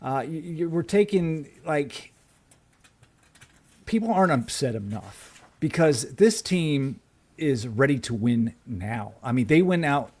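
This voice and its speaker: A man's voice: mid-range voice, animated, slow, darkish tone. A man co-hosting a sports podcast, ranting with lots of swearing and restarts. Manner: ranting, profane, many restarts. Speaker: podcast co-host. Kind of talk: heated sports podcast chat.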